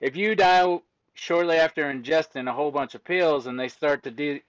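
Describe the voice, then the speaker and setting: A man's voice: a little high, normal speed, dry recording, muffled recording. A man working as an autopsy technician, casually explaining his work and acting out back-and-forths with commenters. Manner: lively storyteller acting out exchanges with commenters.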